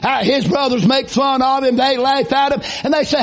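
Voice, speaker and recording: Preacher guy, super high voice, folksy then yelling, muffled lo-fi church recording. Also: fairly even intonation, moderate pace. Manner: folksy, rising into shouted bursts. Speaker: visiting preacher. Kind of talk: revival sermon. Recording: dull lo-fi recording.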